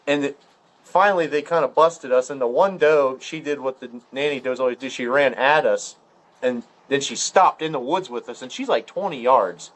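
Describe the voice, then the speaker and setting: A man from Ohio telling a hunting story in casual chat, rambling and profane, acting out the dialogue. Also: normal speed. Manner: rambling, profane storyteller full of filler words; acts out quoted dialogue with jumps in pitch. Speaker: podcast guest storyteller.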